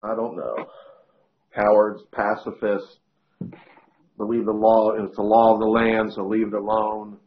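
A man guesting on a talk show, animated and argumentative. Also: fairly low pitch, unhurried, long pauses. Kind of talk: casual studio talk. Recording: dull lo-fi sound with faint noise.

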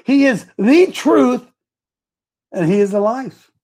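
High-voiced man giving a fiery speech. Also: animated, takes it slowly. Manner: impassioned, shouting rhetorical questions. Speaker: speaker addressing a crowd.

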